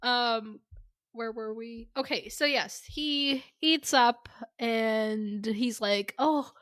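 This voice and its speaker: A woman's voice: fairly high pitch, drawn-out words, fairly bright tone, dry recording. A woman on a podcast casually retelling a book's plot, laughing often and acting out characters' lines. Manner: giggly, acts out characters' lines while retelling. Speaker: podcast co-host. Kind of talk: casual book recap chat.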